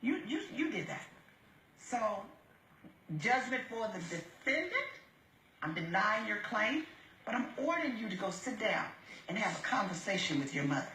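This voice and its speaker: A woman's voice: medium pitch, big pitch swings, moderate pace, bright, forceful tone, a little hiss or hum. A woman presiding as a TV judge, lecturing in a stern, blunt and scolding way. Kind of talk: courtroom lecturing. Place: TV courtroom studio. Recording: roomy courtroom sound.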